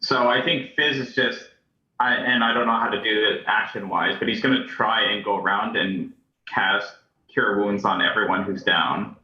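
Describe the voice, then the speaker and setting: Bright-voiced man playing a tabletop game. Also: lowish voice, steady tone, moderate pace, echoey room, muffled recording. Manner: unsure, thinking aloud. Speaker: player. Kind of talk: casual game talk.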